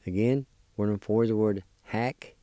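A radio language lesson led by a man. He speaks in a low, warm, unhurried voice, spelling each word letter by letter. The sound is close and dry, and he cheers his listeners on. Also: steady tone, dry recording. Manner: slow, careful spelling and pronouncing of words; encouraging toward listeners. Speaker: language teacher and show host.

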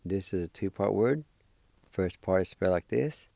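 A man teaching a language lesson, spelling and pronouncing words syllable by syllable in a deliberate, patient way. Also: low-pitched, expressive, gravelly, mellow, dry recording.

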